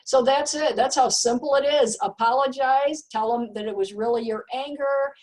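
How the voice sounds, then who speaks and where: A woman's voice: high voice, moderate pace, darkish tone, far from the mic, low-quality recording. A woman giving a recorded parenting presentation, talking emphatically and repeating key words for stress. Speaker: parenting educator.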